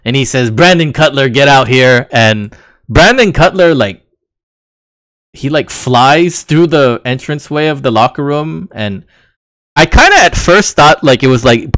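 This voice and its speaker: Here the co-host has a mid-range, expressive, fairly bright voice and speaks a little slowly, recorded without echo. He recounts the wrestling action in a rambling way, laughing as he goes, on a casual recap podcast.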